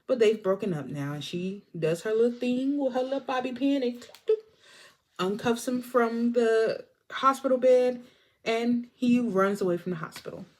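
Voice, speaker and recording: Animated woman retelling a movie. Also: on the high side, normal speed. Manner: animated storyteller, acts out the characters. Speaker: movie reviewer. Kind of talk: casual movie recap vlog.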